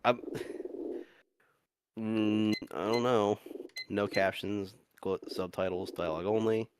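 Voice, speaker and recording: A man's voice: on the low side, steady tone, slow, background noise. A man casually commenting while playing a video game, rambling, swearing freely and laughing often.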